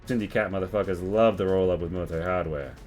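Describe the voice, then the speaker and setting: A man voicing a loud, swaggering male gangster who swears freely. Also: low voice, steady tone, fast talker, soft background music, close to an everyday voice. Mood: brash.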